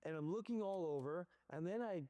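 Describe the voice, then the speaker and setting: A man casually telling a personal story in an animated, rushed way, often restarting his sentences. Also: high-pitched. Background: music.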